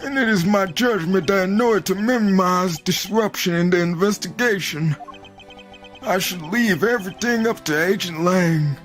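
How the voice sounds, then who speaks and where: A woman's voice: mid-range voice, moderate pace, soft background music, natural voice. A woman voicing a meek, apologetic male ambassador in a game, speaking formally and sing-song.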